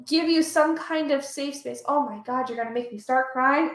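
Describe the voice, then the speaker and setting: A woman with a high voice at normal speed, in a reverberant space, hosts a reading stream as a livestream host. Casual and talkative, she reads chat aloud and gets emotional easily.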